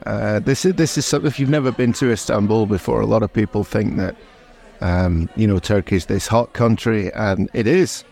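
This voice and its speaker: A man's voice: fairly low pitch, normal speed, vocal fry, darkish tone. A man co-hosting a comedy podcast, rambling and swearing cheerfully in casual chat. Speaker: podcast co-host.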